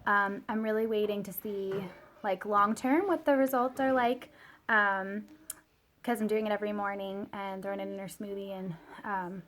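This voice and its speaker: A woman's voice: medium pitch, steady tone, moderate pace, slight background noise. A woman in her thirties, a mother telling a casual vlog story, chatty and full of fillers. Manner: chatty, lots of fillers and "like", quotes her child in a small soft voice. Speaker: mother sharing a product story.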